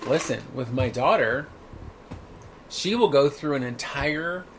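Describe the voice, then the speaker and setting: A man's voice: medium pitch, expressive, a little slow, fairly bright tone, a little hiss or hum, rough recording. A man hosting a casual podcast chat, telling stories in a blunt, profane way. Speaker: podcast host.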